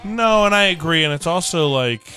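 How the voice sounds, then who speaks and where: A man co-hosting a podcast in casual chat, animated and laughing often as he acts out quotes. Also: on the high side, normal speed, soft background music. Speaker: podcast co-host.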